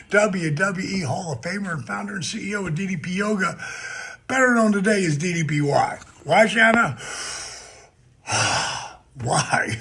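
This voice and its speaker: A former wrestler records a personal greeting for a fan, and his voice is deeply husky with a gravelly fry running through it. He talks in a boisterous way, shouting catchphrases and breaking into laughs, and his voice sits somewhat high for a man. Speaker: former pro wrestler and fitness company founder. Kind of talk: personalized greeting video message.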